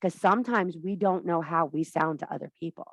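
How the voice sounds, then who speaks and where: In a lowish voice, a little fast and recorded dry, a female spiritual teacher gives a women's circle an impassioned talk. Her preaching is emphatic, blunt and full of profanity.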